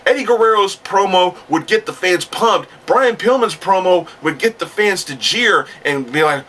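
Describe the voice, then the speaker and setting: A man's voice: high voice, animated, moderate pace, fairly bright tone, recorded from a distance. A man rambling in a casual talking-to-camera monologue, often restarting his sentences and getting worked up, with some swearing. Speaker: wrestling fan vlogger.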